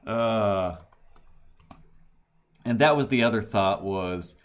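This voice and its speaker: Slow, low-voiced man rambling on stream. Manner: rambling storytelling with frequent restarts and laughs. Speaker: livestreaming artist. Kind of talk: casual livestream chat while drawing.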